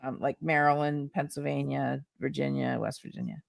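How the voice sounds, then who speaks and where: A woman's voice: rumbling low, moderate pace, gravelly, no room sound, clean studio sound. A woman chatting casually as a guest, rambling with many fillers. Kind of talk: casual chat.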